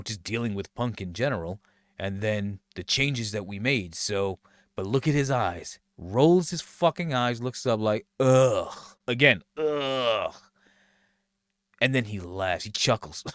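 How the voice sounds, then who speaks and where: A man giving casual, heavily profane commentary while watching match footage, sarcastic and animated, acting out what others said. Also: lowish voice, dry recording. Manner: animated, sarcastic, swears a lot, acts out quotes. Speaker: show host recounting backstage story.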